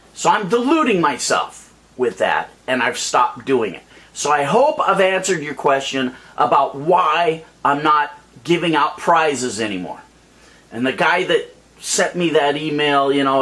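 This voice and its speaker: A man's voice: on the high side, lively intonation, measured pace, a bit bright. A man ranting heatedly to camera in a vlog, exasperated and worked up. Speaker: YouTube vlogger.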